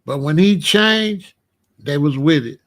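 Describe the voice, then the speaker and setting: Slow but animated, a man hosts a commentary channel monologue, telling street stories casually in blunt, profane terms. His voice sinks low and quiet whenever the story turns dangerous.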